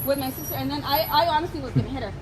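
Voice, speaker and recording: A woman's voice: high-pitched, very fast, a crowd in the background, noisy background. A woman angrily retelling a confrontation to police outdoors at a gas station, cursing and acting out what was said. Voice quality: profane, emphatic storytelling. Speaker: complainant talking to police. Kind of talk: heated retelling of a dispute.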